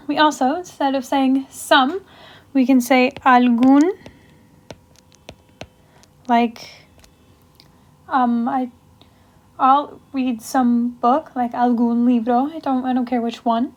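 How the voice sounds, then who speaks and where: A woman's voice: high-pitched, steady tone, takes it slowly, pauses often. A young woman teaching a casual grammar lesson, explaining step by step with example sentences and frequent ums. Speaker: language teacher. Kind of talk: casual classroom lecture.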